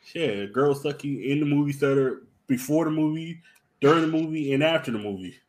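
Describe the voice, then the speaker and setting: A man's voice: fairly high pitch, fairly quick. A man in casual podcast chat, brash, profane and teasing.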